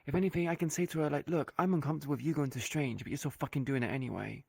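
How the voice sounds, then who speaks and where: A man's voice: on the high side, racing, gravelly, darkish tone, breathy edge, no echo. A man talking in character during a roleplay, blunt and dryly sarcastic, swearing casually. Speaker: roleplay player.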